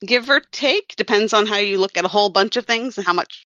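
A woman's voice: medium pitch, fairly quick, sharp tone, no echo, dull audio. A woman who worked as a comics writer and colorist, chatting casually on a podcast and rambling with wry self-corrections.

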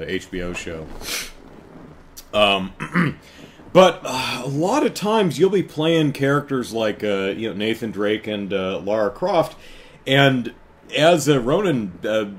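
A man's voice: mid-range voice, slight background noise. Man, podcast host, casual, rambling, laughs often, self-correcting. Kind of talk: casual chat on a live stream.

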